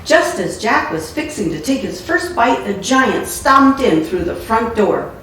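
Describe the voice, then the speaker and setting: A woman's voice: on the high side, sing-song, a little slow, fairly bright tone. A woman reading a picture book aloud with playful asides. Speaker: storybook reader. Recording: echoey room, mic far off, faint noise.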